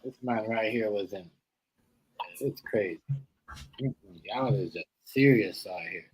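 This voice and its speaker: A man hosting a live stream, rambling through casual reaction commentary and swinging between loud outbursts and quiet asides. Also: fairly low pitch, slow pace, slight background noise, poor audio. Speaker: stream host. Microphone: live stream setup.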